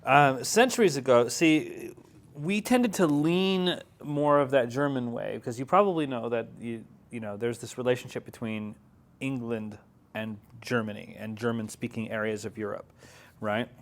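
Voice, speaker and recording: Joking man teaching a class. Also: mid-range voice. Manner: joking, chatty, laughs often. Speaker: Hebrew teacher.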